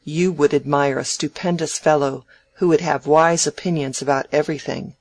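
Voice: mid-range voice, steady tone, normal speed, no echo, close to an everyday voice. A reader voicing an idle, proud young man in a novel, talking brashly and emphatically. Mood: sulky. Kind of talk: audiobook dialogue reading.

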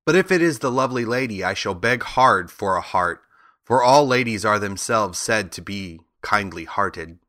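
A man's voice: on the low side, expressive, moderate pace, pushed and bright, dry recording, studio quality. A man reading the lines of an earnest, polite male woodman made of tin, who pleads for what he wants.

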